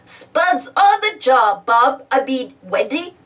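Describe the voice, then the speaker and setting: A woman's voice: high voice, lively intonation, measured pace, a bit bright. A woman doing a giggly naughty scarecrow. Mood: cheeky. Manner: giggly, cheeky.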